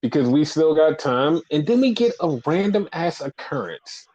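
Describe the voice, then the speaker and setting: A man's voice: a little high, big pitch swings, normal speed, darkish tone. A man co-hosting a casual chat, rambling with lots of fillers and acting out quotes. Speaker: podcast co-host. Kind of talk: casual chat recapping wrestling. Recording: slightly dull lo-fi audio.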